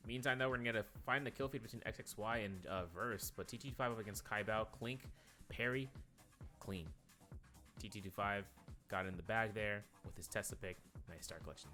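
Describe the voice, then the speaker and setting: A man commentating an esports match play by play, rattling off quick calls and drifting into rambling asides full of fillers. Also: fairly low pitch, bright, forceful tone, faint music behind.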